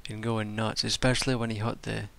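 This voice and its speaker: A man's voice: fairly low pitch, flat delivery, brisk, gravelly, fairly bright tone. A tired man rambling casually through a wrestling show review, swearing and restarting his sentences. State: tired from staying up all night.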